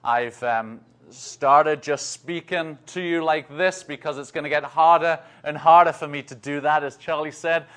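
A man's voice: a little high, fairly even intonation, measured pace, a bit bright. Chatty English man preaching. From northeast England. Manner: chatty, self-deprecating, joking asides. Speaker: guest speaker. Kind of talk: conversational preaching.

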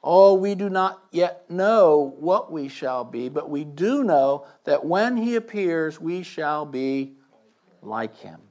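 Older man preacher, slightly high voice, emphatic sermon delivery with scripture reading. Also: lively intonation, takes it slowly, a little mellow. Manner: emphatic, reads scripture aloud with asides and questions.

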